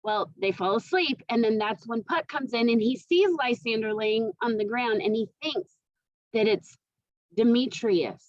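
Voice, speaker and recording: A woman's voice: a little high, unhurried, no room sound, dull audio. A woman teacher who reads a play aloud in turn and then retells each part in casual everyday words. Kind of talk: reading and explaining a play to students.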